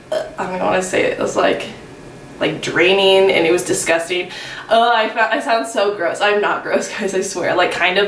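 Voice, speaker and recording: A woman's voice: mid-range voice, a bit bright, reverberant, recorded from a distance. A woman in her twenties telling a casual storytime as a vlogger, rambling and self-mocking with lots of fillers. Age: 20s.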